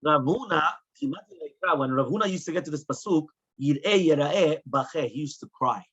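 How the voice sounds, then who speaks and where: A man's voice: a little high, lively intonation, fast talker, vocal fry, pushed and bright, breathy edge, dull audio. A man teaching a Talmud lesson as a rabbi, asking rhetorical questions and moving between Hebrew and English. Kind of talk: Talmud lecture.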